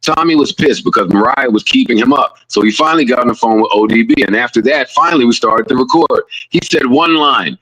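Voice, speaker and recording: A male streamer reading a story aloud, lively, acting out the quoted voices. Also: mid-range voice, moderate pace, breathy edge, poor audio.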